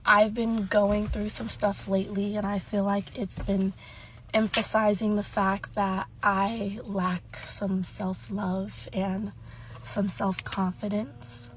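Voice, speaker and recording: A woman in her twenties speaking hesitantly and emotionally about something personal, with many pauses. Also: mid-range voice, flat delivery, slight background noise, poor audio. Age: 20s. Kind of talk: personal confession to camera.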